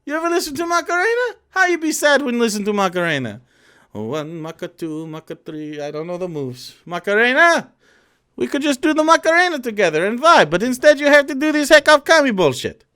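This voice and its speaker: A man putting on a meek, simple-minded European parody of a male political commentator, speaking in short, halting, childlike phrases. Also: very high voice, big pitch swings, pushed and bright, clean tone, voice pushed down, heavily acted. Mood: scolding, goofy.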